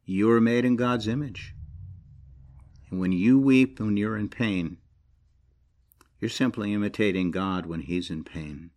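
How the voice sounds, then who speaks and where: A middle-aged man preaching a sermon. He reads scripture and builds to loud, high, emphatic passages, then drops low and quiet. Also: measured pace, long pauses.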